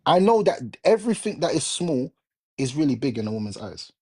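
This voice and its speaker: A man with a Jamaican accent holds forth on a live talk stream. His voice is mellow and husky, and he lectures emphatically, circling back to repeat each point. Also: on the high side, sing-song, a little fast. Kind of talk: casual chat.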